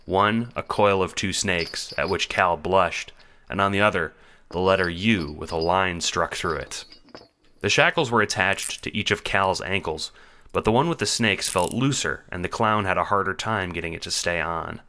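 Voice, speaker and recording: A man narrates a homemade audio drama in a measured, storytelling way. His voice is low, with a bright, forceful edge. He reads at an even, unhurried pace.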